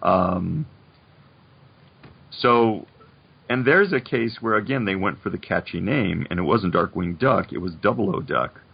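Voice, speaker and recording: An older man in his seventies spins long stories in a casual chat, his voice low, husky and full of gravel. The recording sounds dull and slightly lo-fi. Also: lively intonation, unhurried. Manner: reflective storyteller, many "you know"s. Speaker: guest, animation producer.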